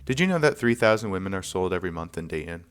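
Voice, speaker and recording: A man with a deep, smooth voice tells a personal story on a podcast. His delivery is earnest and soft-spoken, broken by short pauses and small laughs. The resonant tone carries the reflective mood. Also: big pitch swings.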